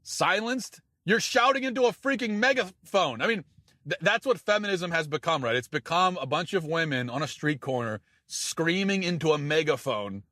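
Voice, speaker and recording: A man's voice: a little high, lively intonation, moderate pace, pushed and bright. A man delivering a sarcastic, incredulous opinion monologue, often stumbling and restarting as he talks. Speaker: political commentator.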